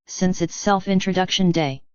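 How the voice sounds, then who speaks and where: A woman's voice: fairly low pitch, moderate pace, darkish tone, clean tone, dry recording, muffled recording, natural voice. A woman reading an audiobook, voicing a casual, offbeat young woman with a couldn't-care-less manner. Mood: breezy.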